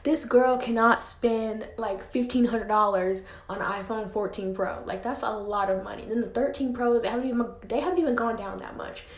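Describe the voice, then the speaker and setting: Slightly out of breath, a teen girl talks fast with few pauses on her solo podcast, filling her casual chat with filler words. Her fairly high voice has a roomy sound, recorded indoors in a room at home.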